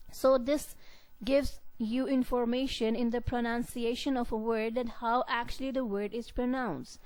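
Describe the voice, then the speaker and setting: A woman lecturing on pronunciation, explaining slowly and repetitively and correcting herself as she goes. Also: on the high side, darkish tone, poor audio. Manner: slow, repetitive explaining with frequent self-corrections. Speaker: English lecturer. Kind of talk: recorded university lecture.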